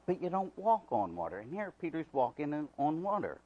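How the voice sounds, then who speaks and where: A man preaching a sermon as pastor. He swings from hushed asides to loud, emphatic preaching and repeats key words for emphasis. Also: on the high side, big pitch swings, a little fast, narrow, tinny audio.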